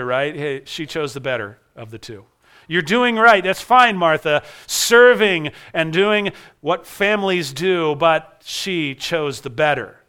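A man's voice: fairly high pitch, sharp tone. A man preaching a sermon, earnest, repeating key phrases for emphasis. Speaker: pastor.

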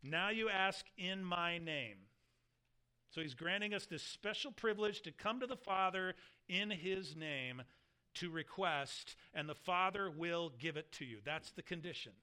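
A man's voice: high voice, animated, unhurried, bright, forceful tone, smooth. A man preaching a sermon, explaining scripture verse by verse and reading passages aloud with earnest emphasis. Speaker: pastor.

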